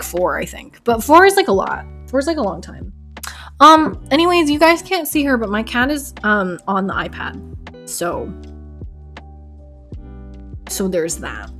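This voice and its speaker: A woman's voice: fairly high pitch, fairly bright tone. A woman streamer chatting casually with her live chat while she paints, bubbly and giggly and rambling, at her home desk.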